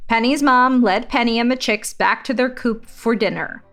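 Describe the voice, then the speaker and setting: A woman hosting a podcast and reading a children's story aloud, gentle and clear. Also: on the high side, normal speed, soft background music.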